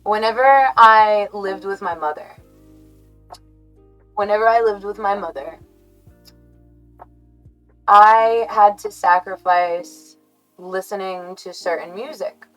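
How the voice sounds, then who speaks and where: An American woman hosting a livestream, chatting to her viewers in a rambling, halting way that keeps correcting itself and breaks into giggles. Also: medium pitch, a bit bright, faint music behind, poor audio. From United States. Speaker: livestream host. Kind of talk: casual stream chat to viewers.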